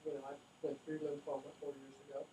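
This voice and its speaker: A man's voice: on the high side, flat delivery, quick pace, background noise. A man guest chatting casually and telling an upbeat story. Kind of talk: casual chat. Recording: echoey room, mic far off.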